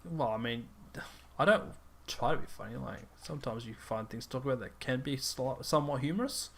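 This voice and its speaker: A man's voice: mid-range voice, expressive, a little fast, vocal fry, fairly bright tone. A young man co-hosting a podcast, tired after work, rambling and self-deprecating, laughing often. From Australia. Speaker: podcast co-host. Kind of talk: casual chat.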